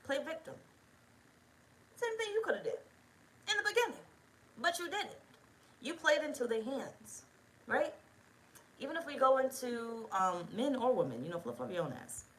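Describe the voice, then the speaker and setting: A woman's voice: high-pitched, sing-song, normal speed, pauses often, poor audio. Woman doing a tarot reading, rambly and cussing a lot, talks right at the viewers. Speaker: tarot reader. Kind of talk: casual spoken tarot reading.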